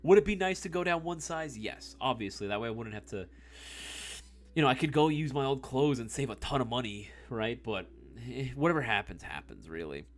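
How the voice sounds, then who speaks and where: A man's voice: medium pitch, animated, fairly quick. A man in his thirties chatting casually on a live stream, reading the chat, laughing often and calling people "bro" and "dude.".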